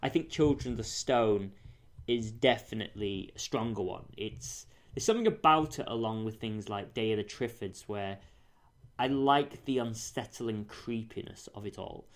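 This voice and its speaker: A man's voice: fairly low pitch, lively intonation, normal speed. A man reviewing an old TV series in a casual spoken monologue, thoughtful and careful, often correcting himself mid-sentence. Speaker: TV show reviewer.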